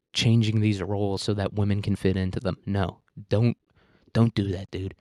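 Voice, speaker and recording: Young guy ranting, crude and deadpan, low-ish mellow voice, dry close mic. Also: no room sound. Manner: rambling, crude, deadpan provocative, many restarts. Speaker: podcast host. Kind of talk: satirical comedic rant.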